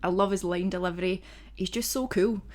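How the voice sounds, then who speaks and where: A woman's voice: mid-range voice, steady tone, fairly quick. A woman co-hosting a podcast, giving short, matter-of-fact views on a film in casual chat. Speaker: podcast co-host.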